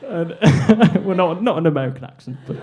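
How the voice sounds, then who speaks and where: A man's voice: fairly high pitch, expressive, quick pace, darkish tone. A young man doing a stand-up comedy set, rambling and self-deprecating, on a club stage with a handheld mic.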